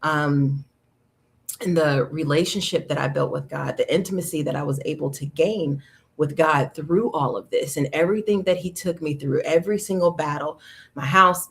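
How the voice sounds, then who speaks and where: A woman in her thirties telling her own story on a podcast, candid and animated, with frequent fillers and restarts. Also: fairly low pitch. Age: 30s. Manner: candid, animated, acts out quoted dialogue. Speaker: podcast host. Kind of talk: personal storytelling.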